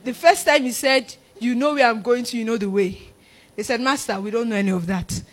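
A high-pitched woman preaches a sermon. She is animated and laughs often. She acts out the voices of the disciples as she goes. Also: a little fast.

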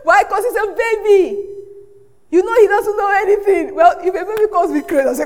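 A woman pastor preaching a sermon, lively and often laughing, acting out the voices she quotes. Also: very high-pitched, brisk.

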